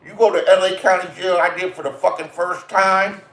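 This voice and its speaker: Middle-aged Californian man, profane ranting storyteller, slightly high voice, recorded in a roomy space. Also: fairly even intonation, fairly quick, fairly bright tone. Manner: crude, swearing, confrontational storytelling. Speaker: vlogger. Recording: roomy echo.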